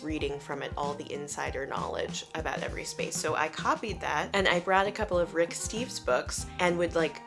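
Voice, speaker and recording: A young woman from the United States telling a travel story in an animated, chatty, self-deprecating way. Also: low-pitched, creaky. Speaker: vlogger. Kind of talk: casual storytelling to camera.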